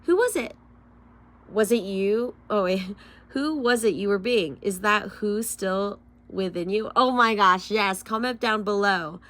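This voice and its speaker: A woman's voice: medium pitch, unhurried, a bit bright. Young woman, tarot reader, casual vlog, swears and laughs between solemn card readings.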